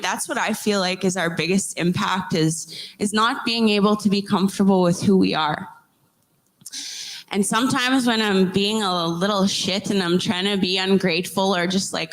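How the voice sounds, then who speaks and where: Brief: young woman host, earnest and emotional, halting heartfelt storytelling. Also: mid-range voice, a bit bright. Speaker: podcast host interviewing survivors. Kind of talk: heartfelt personal storytelling and questions.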